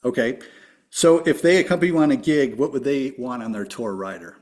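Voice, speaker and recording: A man hosting a podcast interview, upbeat and friendly as he asks his guest quick questions. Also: medium pitch, animated, darkish tone. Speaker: podcast host. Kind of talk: casual interview.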